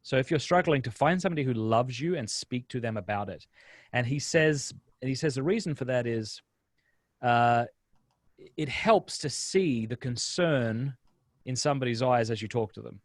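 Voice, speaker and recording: A man, a guest speaker on a video-call webinar, telling stories in a lively, casual way with quick restarts. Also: medium pitch, no room sound, studio quality. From Australia. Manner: lively storyteller, frequent restarts. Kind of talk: casual interview chat.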